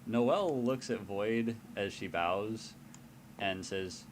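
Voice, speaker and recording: A man narrating as game master in a tabletop game, slow and expressive. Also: fairly low pitch, a little hiss or hum.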